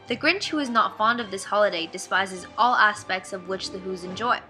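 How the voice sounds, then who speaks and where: Bright-voiced teenage girl reading an essay. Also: mid-range voice, a little fast, soft background music. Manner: careful, evenly paced reading. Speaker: student. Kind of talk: reading a school essay aloud.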